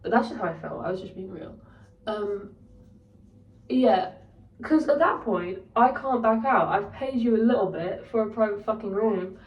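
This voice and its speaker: A woman's voice: mid-range voice, lively intonation, normal speed, far from the mic, dull audio. A young woman casually telling a story, candid and sweary, ranting. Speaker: vlogger. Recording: roomy echo, voice set back from the mic.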